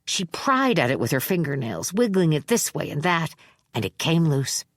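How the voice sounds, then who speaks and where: A woman narrating an audiobook in a measured, expressive reading. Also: sits low, no room sound, studio quality. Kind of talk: scripted narration.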